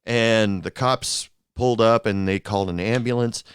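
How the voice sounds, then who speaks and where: In a dry, studio-quality recording, a podcast host who used to tend bar spins casual, wandering bar tales, stumbling over fillers and starting sentences again. He has a lowish voice, a clean tone and a moderate pace.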